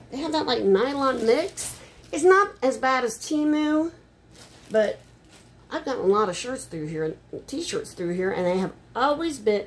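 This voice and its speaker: An older woman rambles through a shopping haul at home, her voice rising and falling in a lively way. She talks casually, mutters frustrated asides, and a faint hiss of noise runs underneath. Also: fairly high pitch. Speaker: haul vlogger. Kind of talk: casual unboxing chat. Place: home room.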